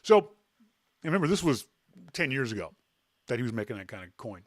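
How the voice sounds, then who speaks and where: A man hosting a podcast, telling a self-deprecating anecdote in a casual, animated way. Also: mid-range voice, brisk, dry recording, studio quality. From Canada. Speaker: podcast host. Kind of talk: casual storytelling.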